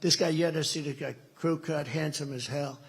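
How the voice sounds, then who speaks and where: At a political keynote, a septuagenarian from the United States spins meandering stories heavy with superlatives said again and again. He speaks a little fast with a fairly high, husky voice and fairly even intonation.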